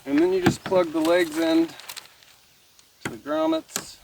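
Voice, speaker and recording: A man from Nevada vlogging from his kayak on a lake, talking in a relaxed, rambling way and marveling at the scenery. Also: on the high side, a little slow, gravelly, background noise. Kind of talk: casual outdoor vlog narration.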